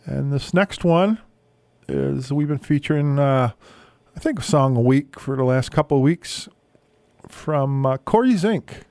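A man hosting a radio show, casually introducing songs with frequent hesitant pauses. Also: medium pitch, expressive, creaky, darkish tone, no echo. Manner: hesitant, many filler pauses. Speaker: radio host.

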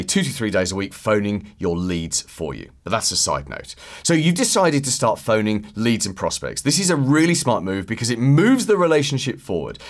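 Lively male podcast host. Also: mid-range voice. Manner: lively, acts out phone calls in quick put-on voices. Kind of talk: solo podcast talk.

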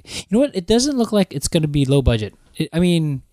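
Casting: male podcast co-host, animated and profane, dry close mic. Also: fairly high pitch, a little fast, no echo. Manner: animated, swearing, jokey rants. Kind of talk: casual chat.

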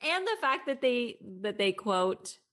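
Young woman, podcast co-host, casual chat, swinging intonation, expressive. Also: fairly high pitch, measured pace. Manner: expressive, laughs often, swears casually.

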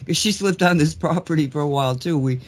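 A man hosting a radio talk show, telling a story in a casual, excited way with frequent restarts. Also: on the high side, normal speed, a little hiss or hum.

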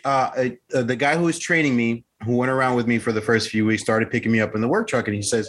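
A man's voice: medium pitch, quick pace, few pauses. A man co-hosting a casual podcast, telling a story with lots of fillers and acted-out quotes. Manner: animated, lots of fillers, acts out voices. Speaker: podcast co-host.

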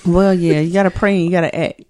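A woman's voice: fairly low pitch, steady tone, fast, dark tone. A woman co-hosting a casual chat show, chiming in often and responding to her partner. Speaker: podcast co-host.

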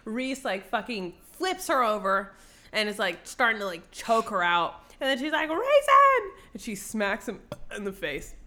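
A woman's voice: medium pitch, animated, moderate pace, sharp tone. A woman co-hosting a casual podcast chat, recapping a book with swearing and acted-out voices, a bit tipsy from wine. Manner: giggly, swears freely, acts out scenes with exaggerated voices.

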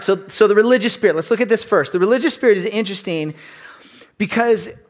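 A man delivers a relaxed, conversational sermon, reading scripture and breaking off into jokes and asides. His voice sits a bit high for a man, and his delivery is lively. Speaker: pastor.

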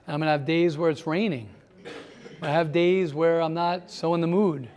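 A man with a notably high voice leads a class discussion. He talks in a stream of rhetorical questions, repeating phrases as he presses his point. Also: darkish tone. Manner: rhetorical questions, repeats himself, grows heated. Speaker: teacher. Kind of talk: classroom talk with students.

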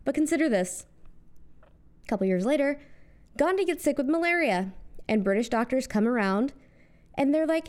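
High-voiced sarcastic American woman. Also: animated, moderate pace, pauses often, darkish tone. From United States. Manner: sarcastic, punchy asides. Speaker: host. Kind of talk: scripted comedic monologue.

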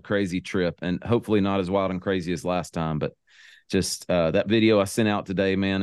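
A man co-hosting a podcast in casual chat, excited and enthusiastic. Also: sits low, no room sound, studio quality. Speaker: podcast co-host.

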